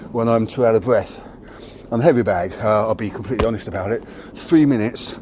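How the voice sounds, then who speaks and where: A man's voice: on the low side, a little mellow, slight background noise. A man explaining martial arts training in a candid, matter-of-fact way while demonstrating outdoors. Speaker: martial arts channel host. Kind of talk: casual training demonstration to camera. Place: outdoors near a tree.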